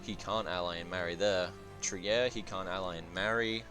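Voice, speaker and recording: A man's voice: sits low, fairly even intonation, moderate pace, a bit bright, soft background music. A man casually reviewing a strategy game, rambling and swearing as he thinks aloud with many fillers. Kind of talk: casual gameplay commentary.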